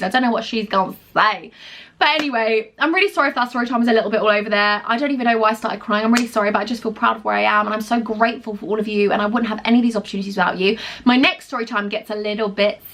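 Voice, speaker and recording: Chatty young woman vlogger, slightly high. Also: quick pace, a bit bright. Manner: chatty, emphatic, gushing, talks straight to viewers. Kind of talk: casual storytime chat to camera.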